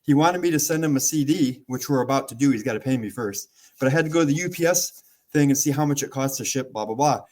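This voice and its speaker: A man's voice: mid-range voice, fast talker, a little mellow. A man hosting a podcast in a mid-range voice. He chats casually, spinning rambling stories with easy laughs. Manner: chatty, rambling anecdotes with laughs. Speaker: podcast host and musician.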